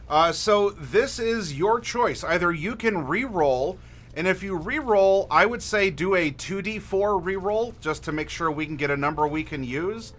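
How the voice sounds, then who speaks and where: A man hosting a livestream as game master, friendly and unhurried, asking chat for dice rolls and pausing with fillers. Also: sits high, expressive, fairly bright tone. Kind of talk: livestream character creation, talking to chat.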